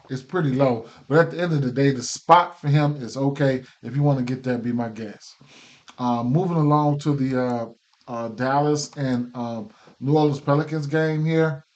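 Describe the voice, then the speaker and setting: A man with a medium-pitched voice, highs cut off, hosts a casual sports betting picks show while he has the hiccups. He talks loosely, full of fillers and restarts, and repeats himself.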